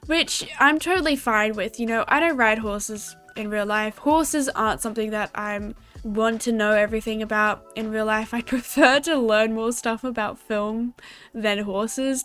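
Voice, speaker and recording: A teenage girl with an Australian accent chatting casually to her viewers in a vlog, bubbly and quick to giggle. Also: fairly high pitch, fairly bright tone, clean tone. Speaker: gaming YouTuber.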